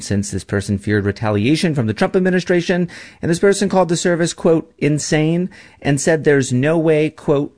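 A man working as a news correspondent, answering a host's questions in a measured, reportorial way. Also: mid-range voice, a little mellow. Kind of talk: radio news interview.

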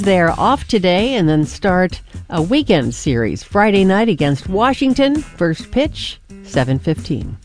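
A woman station announcer reading weather, sports scores and sponsor messages. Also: medium pitch. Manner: lively announcer delivery. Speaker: local radio station announcer.

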